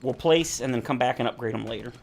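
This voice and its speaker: A man's voice: mid-range voice, fast, slight background noise. A man streaming a survival game, chatting casually in rambling, self-correcting tangents. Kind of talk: casual chat while playing a survival game.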